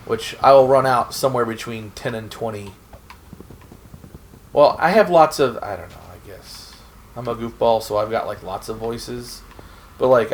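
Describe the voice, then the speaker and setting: A man's voice: on the low side, slight background noise. A man from Oklahoma chatting casually and rambling in a goofy way while he plays a game on stream. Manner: rambling, goofy, self-talk while playing. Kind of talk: casual gameplay chat.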